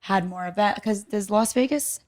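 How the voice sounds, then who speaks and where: Young woman podcast host, chatty, upbeat, kinda rambly, mid pitch. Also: moderate pace, darkish tone. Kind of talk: casual interview chat.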